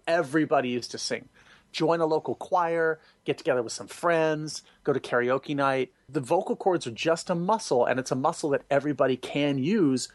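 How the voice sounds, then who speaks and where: A man being interviewed, telling stories expressively and acting out quoted voices, with sudden high jumps for emphasis. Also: no room sound. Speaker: guest, singer and former music director. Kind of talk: animated interview storytelling.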